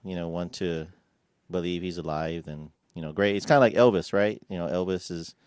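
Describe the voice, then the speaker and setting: A man's voice: sits low, steady tone, brisk, a little mellow, clean tone, dry recording, studio quality. A man chatting as co-host on a livestream, hesitant and repeating his words. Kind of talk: casual livestream chat.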